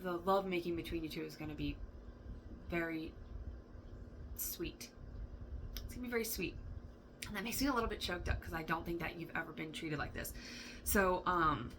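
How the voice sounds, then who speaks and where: A woman's voice: on the low side, moderate pace, long pauses, fairly bright tone, a little hiss or hum, poor audio. A woman giving a casual tarot reading, rambling and thinking aloud, with laughs and the odd swear word. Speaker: tarot reader. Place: indoor room with a fan running.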